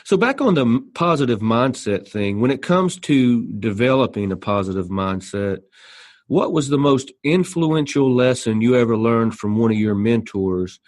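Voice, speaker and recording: A man hosting a podcast, asking questions in a relaxed way and often checking that he is understood. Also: medium pitch, normal speed, no echo, clean studio sound. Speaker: podcast host. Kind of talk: interview questions and casual chat.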